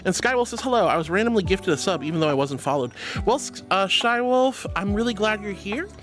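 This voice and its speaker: A woman's voice: medium pitch, expressive, a little fast, faint music behind. A woman live-streaming and chatting casually with viewers, affectionate and giggly, calling them sweetheart and hon. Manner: giggly, bubbly. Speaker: livestreamer.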